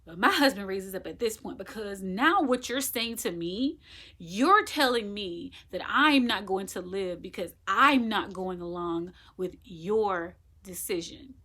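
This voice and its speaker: A woman's voice: mid-range voice, expressive, measured pace, sharp tone. A woman casually telling a personal story, retelling it emphatically and acting out what people said. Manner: emphatic, vivid retelling that acts out quoted dialogue. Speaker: woman sharing her birth story.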